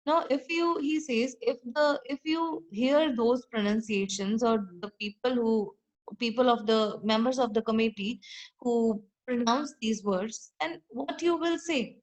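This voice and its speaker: Animated and unhurried, a fairly high-pitched woman with an Indian English accent teaches a literature lesson, reading passages aloud before paraphrasing them and asking rhetorical questions. It's an explanatory lecture on a low-quality recording.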